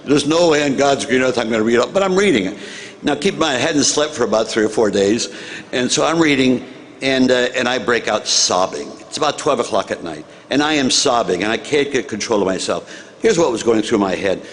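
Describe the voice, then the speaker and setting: An older man from the United States, a former senator, telling an animated story to an audience and acting out the dialogue. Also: medium pitch, brisk, slight background noise. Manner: animated, acts out dialogue, chuckles at own story.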